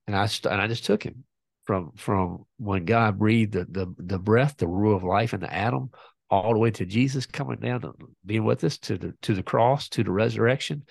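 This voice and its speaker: A man's voice: fairly low pitch, creaky, no echo. A man, a podcast guest casually telling a story and acting out both sides of a conversation.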